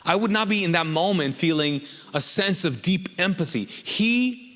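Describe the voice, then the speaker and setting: A man's voice: sits high, animated, normal speed, a bit bright, long reverb tail. A man from Kuwait, a pastor preaching a sermon in a casual, joking style that often asks the congregation questions.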